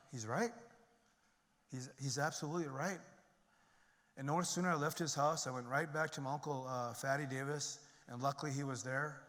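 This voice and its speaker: A man's voice: medium pitch, a bit bright. A middle-aged man giving a personal testimony talk, conversational with many fillers and restarts. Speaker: speaker sharing his recovery story. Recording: long reverb of a large hall.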